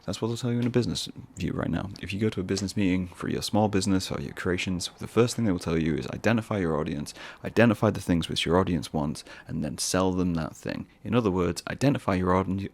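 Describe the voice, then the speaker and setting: This solo podcast host speaks quickly in a low, creaky, slightly mellow voice, barely pausing. His casual monologue wanders and muses, sprinkled with jokes at his own expense.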